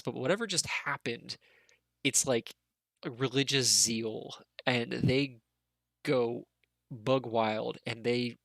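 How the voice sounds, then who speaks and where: A man narrating a tabletop game as its game master, rambling casually and piling on filler words. His voice has a bright, forward tone, heard close and dry. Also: mid-range voice, dry recording.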